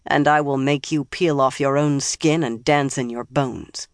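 A narrator voicing a cold, murderous woman sorceress who makes flat, hard threats, in a dry recording. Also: mid-range voice, unhurried, clear, resonant tone, dry recording, close to an everyday voice. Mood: threatening.

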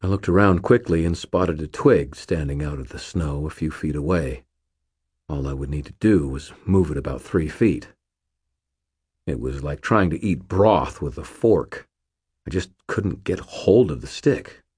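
Man narrating, wry hard-boiled tone, very deep voice, husky, dry close recording. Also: a little slow, darkish tone, no echo. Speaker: audiobook narrator. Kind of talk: first-person scripted narration.

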